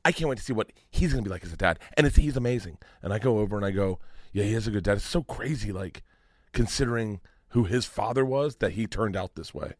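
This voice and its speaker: A man in his forties telling stories on a podcast, animated and profane, laughing as he talks. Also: fairly low pitch, fast talker, no echo, studio quality. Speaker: guest storyteller. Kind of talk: casual podcast storytelling.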